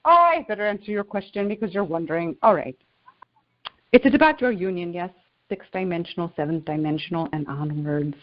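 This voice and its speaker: A woman channeler giving spiritual guidance and pausing to search for words. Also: fairly low pitch, lively intonation, lo-fi sound. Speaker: channeler, guest.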